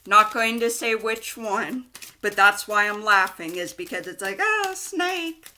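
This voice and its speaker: A young woman chatting her way through a tarot card reading at an unhurried pace. Her voice is bright and a little sharp, and she talks loosely and giggles, with plenty of likes and ums. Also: medium pitch, steady tone, slight background noise. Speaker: tarot reader.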